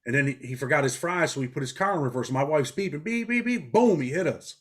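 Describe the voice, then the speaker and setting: Fast-talking blunt man from New York. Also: mid-range voice, breathy edge. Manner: blunt, street-talking, animated storytelling. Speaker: interview guest, former prisoner. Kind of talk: casual interview talk.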